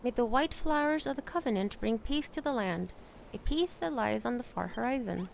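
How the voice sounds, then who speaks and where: A woman's voice: a little high, lively intonation, moderate pace, gravelly, slight background noise. A woman casually commenting on her gameplay as a streamer, chatty with laughing asides. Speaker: game streamer.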